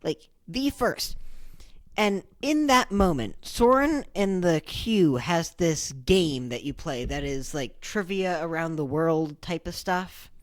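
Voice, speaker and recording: A young woman co-hosting a podcast, telling stories in a relaxed casual way, her phrases often trailing off quietly. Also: on the low side, slow, no room sound. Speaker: podcast co-host. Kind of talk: casual chat.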